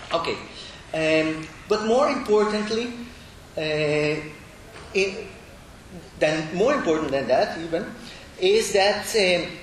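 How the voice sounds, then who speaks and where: Halting man lecturing in an echoey room. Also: fairly bright tone. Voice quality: halting, many fillers and tag "no?". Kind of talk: academic lecture. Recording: echoey room with faint rumble.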